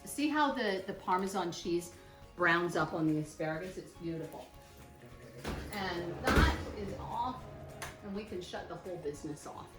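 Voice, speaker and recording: A woman hosts a cooking demonstration in a kitchen, talking viewers through each step with chatty admiration. Her voice sits on the low side and sounds a little distant from the mic. The room rings around her, and music runs underneath. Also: lively intonation, moderate pace, reverberant. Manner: chatty, warmly enthusiastic, repeats "nice" and "beautiful". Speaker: cooking show host.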